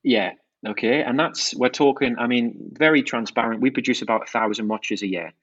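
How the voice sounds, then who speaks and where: A man's voice: mid-range voice, a little fast, fairly bright tone, dry recording, highs cut off. A man, a brand founder, talking enthusiastically about his business in a podcast interview. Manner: enthusiastic, fluent product talk with restarts. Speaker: watch brand founder, guest.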